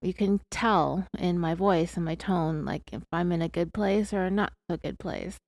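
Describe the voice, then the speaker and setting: A woman's voice: fairly low pitch, fairly even intonation, normal speed, darkish tone, dry recording, clean studio sound. A woman hosting a true crime podcast, talking in a candid, confessional, chatty way with plenty of fillers while fighting off hiccups. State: has hiccups. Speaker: podcast host.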